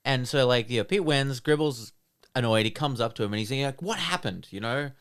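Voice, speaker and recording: An Australian man co-hosting a podcast, talking through an episode recap in an easygoing, casual way. He pauses now and then with soft fillers as he retells the scenes. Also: medium pitch, smooth. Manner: relaxed storytelling recap with frequent "um" pauses. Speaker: podcast co-host.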